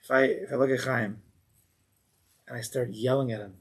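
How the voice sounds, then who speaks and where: A man giving an informal Torah class to a small group, animated and acting out angry people as he explains. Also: mid-range voice, moderate pace, breathy edge.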